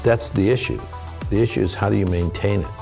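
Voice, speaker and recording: With music in the background, a man speaks quickly in a lowish voice with vocal fry, talking to students as a guest actor. He discusses his work earnestly and frankly before a live audience, mixing in laughs and acted-out quotes.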